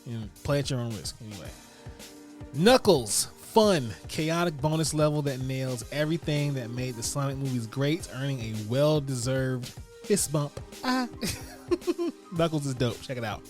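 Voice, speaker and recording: A man's voice: medium pitch, expressive, unhurried, darkish tone, faint music behind. Slangy hyped-up male podcast host. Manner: hype, slangy, talks straight to listeners. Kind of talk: casual podcast chat and rapid review rundown.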